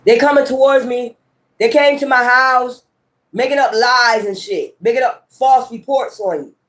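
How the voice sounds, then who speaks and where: A woman's voice: a little high, normal speed. A woman tarot reader in a casual ranting monologue. She talks emphatically, swears and repeats her points. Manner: emphatic, profane and repetitive.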